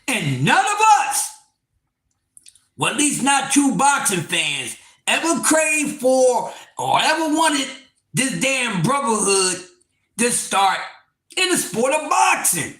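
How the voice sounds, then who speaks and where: Brief: male stream host, high, lively pitch, preachy rant. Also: takes it slowly. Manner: loud, preachy, swings between shouting and mock-laughing. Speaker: livestream host. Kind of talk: animated livestream rant. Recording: echoey room.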